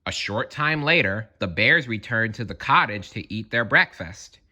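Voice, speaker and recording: A man's voice: lowish voice, expressive, moderate pace, bright, forceful tone. A man narrating a children's read-aloud story, playful and talking straight to the listener. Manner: playful, addresses listener directly.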